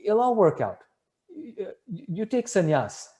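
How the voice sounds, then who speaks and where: A man voicing an elderly male spiritual teacher who calmly reassures a disciple. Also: high voice, slow, pitched above the performer's own voice, exaggerated voice. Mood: reassuring. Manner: soothing, repeating himself.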